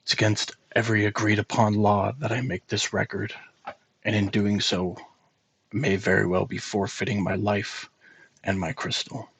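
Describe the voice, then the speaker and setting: A man voicing a very old male dwarf record keeper, speaking in a soft elderly voice with a grave, hushed manner. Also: fairly low pitch, flat delivery, moderate pace, breathy edge, low-quality recording. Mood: solemn.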